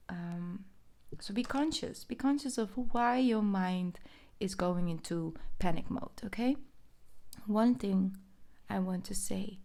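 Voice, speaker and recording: A woman reads tarot in a loose, chatty way, wandering through her points and laughing often. Her voice is warm and mellow, with a gravelly fry at the bottom of it. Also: mid-range voice. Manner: chatty and rambling, laughs often, many fillers. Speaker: tarot reader. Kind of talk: casual tarot reading to camera.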